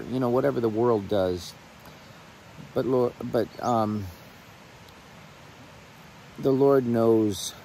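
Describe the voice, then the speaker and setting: A middle-aged man speaking outdoors on rural land, praying and then talking to his viewers in an earnest, emotional way with pauses and restarts. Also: fairly low pitch, creaky, darkish tone, slight background noise, low-quality recording. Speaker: channel host. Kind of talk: heartfelt prayer and casual talk to camera.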